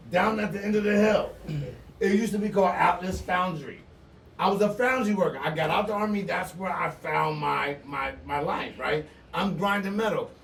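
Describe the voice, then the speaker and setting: Loud profane middle-aged man, off-mic and roomy. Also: sits high, vocal fry, recorded from a distance, slight background noise. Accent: East Coast US. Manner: loud, animated, profane storyteller. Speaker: podcast co-host. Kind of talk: casual storytelling.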